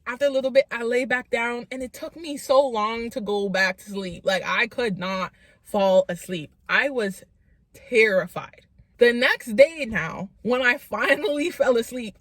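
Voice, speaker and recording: A woman telling a story to her channel's viewers in a casual storytime vlog. She is animated, says "like" a lot and acts out what people said. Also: fairly high pitch, no room sound. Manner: animated, lots of "like", acts out quotes.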